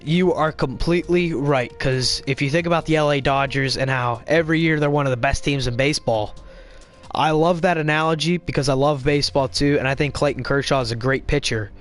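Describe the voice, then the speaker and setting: A young man hosting a casual hockey live stream, chatting to viewers in a quick, rambling way while playing a video game. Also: on the high side, soft background music. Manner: rambling, quick, with fillers and restarts. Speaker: podcast host live streaming.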